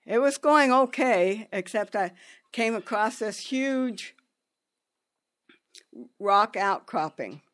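Woman for a personal story: unhurried, deliberate, halting, restarts mid-sentence. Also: on the high side, lively intonation, a bit bright.

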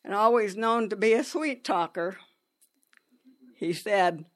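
A woman telling a personal story in an unhurried, halting way, with pauses and restarts. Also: medium pitch, lively intonation.

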